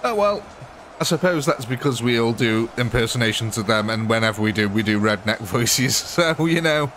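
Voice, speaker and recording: A man's voice: lowish voice, fairly quick, a bit bright, a little hiss or hum. A British man hosting a live gaming stream, commenting on the battle in a jokey, chatty way and answering his viewers. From Britain. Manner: jokey, chatty, replies to chat. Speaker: livestream host.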